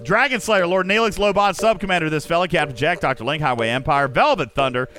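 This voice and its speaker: Fast and fairly high-pitched, with a pushed, bright sound, a man banters loosely on his casual podcast. He kids around and wanders before reading out long lists of supporters.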